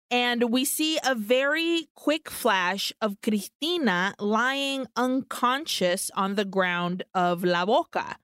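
A woman's voice: on the high side, lively intonation, slow, hardly any pauses, a bit bright, clear, resonant tone, dry recording, studio quality. A woman co-hosting a podcast, casually retelling a film plot, swearing freely and dropping Spanish words into her English. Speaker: podcast co-host.

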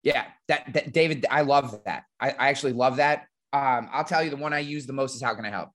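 A man who runs an insurance agency and hosts a podcast is teaching on a live webinar, heard over a remote call. His voice is mid-range, slightly bright, and fairly quick, with a fairly even intonation. His delivery is casual and blunt, packed with fillers and the occasional swear word.

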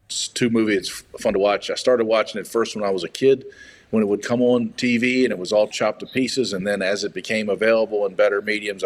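Agreeable man with a lowish voice. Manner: agreeable, chimes in with short affirmations. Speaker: podcast co-host. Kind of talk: casual chat about movies.

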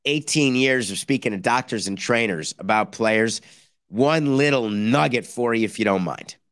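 Male podcast host, sarcastic and animated, dry close-mic sound. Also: medium pitch, no echo. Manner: sarcastic, animated, mock-quoting others. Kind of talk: opinionated sports talk monologue.

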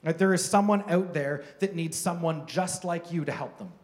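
A man's voice: fairly high pitch, normal speed. A man preaching a sermon as pastor in a church, earnest and encouraging, often repeating words as he pushes a point. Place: church sanctuary. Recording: music playing behind voice. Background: guitar music.

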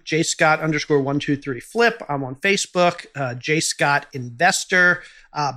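Answering interview questions with earnest advice and small restarts, this man is a podcast host and entrepreneur. He speaks with a fairly high pitch and a bright, forceful tone.

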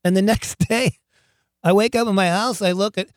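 Man, fairly high voice, excitable storyteller, laughs a lot, dry close sound. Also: normal speed, no room sound. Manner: animated, excitable storyteller who laughs often and acts out quotes. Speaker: guest, rock singer. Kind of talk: storytelling interview.

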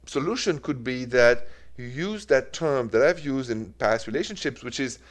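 A man from France with a French accent, hosting a call-in love and relationships radio show, unhurried and mixing in French greetings. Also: mid-range voice, animated. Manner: warm-toned, unhurried, mixes French greetings into English. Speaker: radio advice show host.

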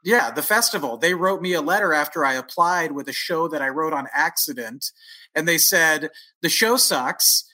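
Bay area guy on a podcast, bright voice, laughs a lot, self-deprecating. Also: on the high side, moderate pace. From San Francisco Bay Area. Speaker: podcast guest, composer. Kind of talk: casual chat.

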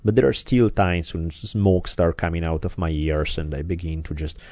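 Podcast co-host, deep man, dry close sound, slightly dull lo-fi, candid casual talker who swears. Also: steady tone, moderate pace, warm tone, dry recording. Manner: candid, self-deprecating, swears freely. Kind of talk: casual chat.

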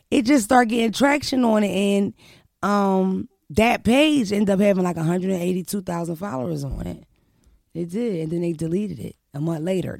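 A young woman tells her story on her podcast. She is brash and profane and keeps the talk animated. Her voice has a gravelly fry, and the recording is dry and close. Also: medium pitch, no echo. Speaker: podcast host. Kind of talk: casual storytelling chat.

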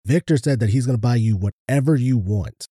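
A man calmly reading birthday shout-outs on a podcast in an understated way. His voice is very dark and mellow. The sound is dry and close. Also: medium pitch, brisk, slightly rough, no echo. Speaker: podcast co-host.

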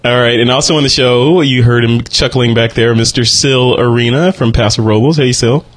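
A man hosting a casual photography podcast, talking quickly and chattily and often repeating words as he starts a sentence. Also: mid-range voice, steady tone. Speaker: podcast host. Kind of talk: casual panel podcast chat.

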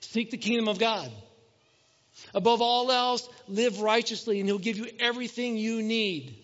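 High-voiced pastor in an echoing hall. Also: male voice, normal speed, fairly bright tone. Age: middle-aged. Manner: conversational, asks the crowd questions, acts out everyday scenes. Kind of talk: sermon. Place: church hall. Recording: dull sound with long hall reverb.

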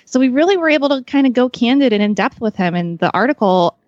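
A fairly high-pitched, slightly mellow woman talks at a quick pace with lively intonation as a podcast guest. A magazine staffer, she rambles through a casual chat full of fillers and labels herself awkward, in lo-fi audio without echo.

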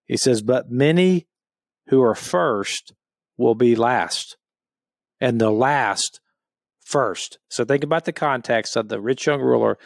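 A man's voice: medium pitch, slow, gravelly, dry recording, studio quality. A man co-hosting a podcast, leading a Bible discussion and reading scripture aloud in an earnest, emphatic way with frequent restarts. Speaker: podcast co-host.

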